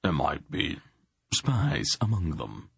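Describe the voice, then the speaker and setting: A man voicing a huge, bluff warrior who speaks slowly and teases his friends. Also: extremely low pitch, huge pitch swings, gravelly, slightly rough, no echo, clean studio sound, exaggerated voice. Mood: teasing.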